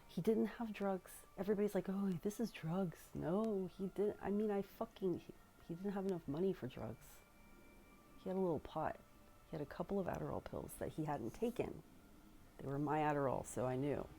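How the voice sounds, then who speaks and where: A young woman telling a personal story in a casual, rambling way, often pausing, restarting and swearing. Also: low voice, vocal fry, mellow. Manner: rambling, halting, with frequent swearing.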